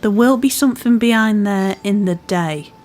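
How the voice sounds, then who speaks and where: A woman whose accent is part Scouse, part Welsh hosts a gaming channel, giving casual let's-play commentary on the game she's playing. Her mid-range voice has a darkish tone and a moderate pace, and she comes across chatty and self-deprecating.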